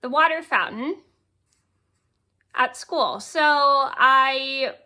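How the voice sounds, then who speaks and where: A woman's voice: sits high, lively intonation, very slow, pushed and bright. A woman in her late twenties telling a funny personal story in a casual vlog, rambling, repeating words, correcting herself and giggling along the way. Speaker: vlogger.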